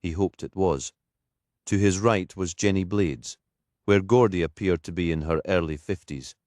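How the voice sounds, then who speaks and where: A man narrating a detective novel in a measured storytelling manner, as an audiobook. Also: sits low, darkish tone, no room sound, studio quality. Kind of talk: scripted narration.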